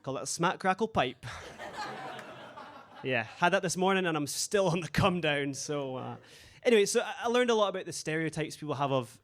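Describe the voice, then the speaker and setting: A man's voice: a little high, animated, fairly quick, background noise. A man from Dundee doing a stand-up set in a club basement, with a dry, self-mocking delivery full of tag questions. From Dundee, Scotland. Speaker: stand-up comedian. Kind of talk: stand-up routine.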